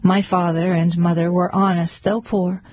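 A woman's voice: fairly low pitch, little pitch movement, moderate pace, darkish tone, dry recording, natural voice, poor audio. A woman voicing a meek tearful baker. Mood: mournful. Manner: meek, mournful. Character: mild tearful male baker.

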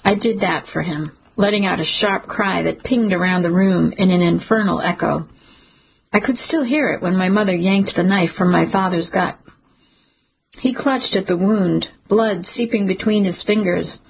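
A woman reading a grim first-person audiobook in a grave, measured way. Her voice is husky and raspy, with a gravelly creak at the bottom of her tone. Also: mid-range voice, rough recording. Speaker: audiobook narrator. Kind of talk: first-person dramatic narration.

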